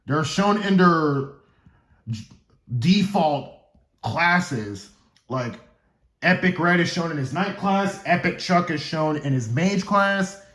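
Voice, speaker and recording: A man's voice: a little high, lively intonation, takes it slowly, long pauses, a bit bright, reverberant. A man casually explaining the story of his own fan game series, rambling and stumbling without a script, joking to himself. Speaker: gaming YouTuber.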